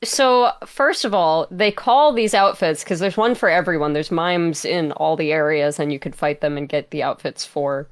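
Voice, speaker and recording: A woman's voice: deep voice, moderate pace, hardly any pauses, clear, resonant tone. A woman from France on a podcast panel, chatting casually about a game in an amused, wry way. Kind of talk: casual chat.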